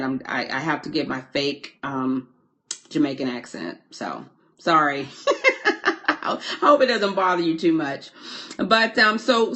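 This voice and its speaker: On a live stream, an online course coach with a medium-pitched, somewhat bright voice teaches while going through viewer comments. She keeps interrupting herself mid-sentence to greet and thank viewers, tends to repeat her words, and has a chatty manner.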